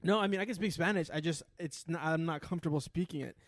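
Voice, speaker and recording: Male podcast co-host, animated storyteller, slightly high voice, dry close mic. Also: fast talker, dry recording. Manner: animated storyteller, acts out quoted people. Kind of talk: casual podcast chat. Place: his neighborhood in upper Manhattan.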